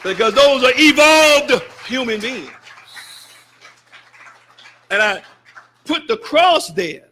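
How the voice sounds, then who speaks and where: A man preaching a fervent sermon as a student minister in a mosque, breaking into shouted bursts and wry, mocking asides. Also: very high voice. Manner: mocks excuses in wry, drawn-out asides.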